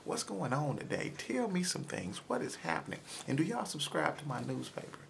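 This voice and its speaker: Man, hoarse, very gravelly morning voice, chatty, faint background hiss. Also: on the high side, big pitch swings, moderate pace, a bit bright. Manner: chatty, loose, addresses viewers directly. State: hoarse, frog in throat. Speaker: vlogger. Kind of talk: casual morning vlog. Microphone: camera mic, close to camera.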